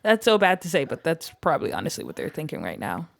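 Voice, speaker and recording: A woman's voice: low-pitched, wildly swooping pitch, fast talker, gravelly, no echo. A young woman giving casual gameplay commentary, chatting in a filler-heavy way and voicing what the game characters might be thinking. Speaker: gaming YouTuber.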